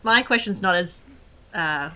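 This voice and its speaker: A young woman co-hosting a podcast, chatting casually with quick asides and frequent laughs. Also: lowish voice, animated, bright, forceful tone. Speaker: podcast co-host. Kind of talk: casual chat.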